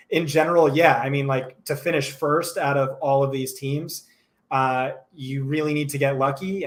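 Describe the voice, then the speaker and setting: Guy cohosting a livestream, average pitch, quick opinionated takes, keeps restarting sentences. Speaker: co-host. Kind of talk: casual chat on a live stream.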